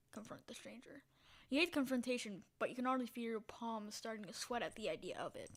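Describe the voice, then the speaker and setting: Fairly high woman reading a text game. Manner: dramatic reading broken by short spoken asides. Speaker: game streamer.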